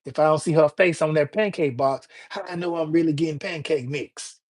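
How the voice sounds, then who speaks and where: A man talks loosely to his livestream audience, his voice sitting a little higher than most men's. He keeps it easygoing and full of slang, calling out viewers by name as he goes. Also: brisk. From Alabama, USA. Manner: laid-back and slangy, greeting viewers by name. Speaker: livestream host. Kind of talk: casual livestream chat.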